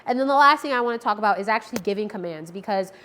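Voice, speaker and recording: A woman's voice: mid-range voice, racing, a little hiss or hum. Friendly woman dog trainer explaining cues. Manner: friendly, repeats "okay?" to check understanding; acts out marker words with lively tone changes. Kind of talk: casual instructional talk to camera.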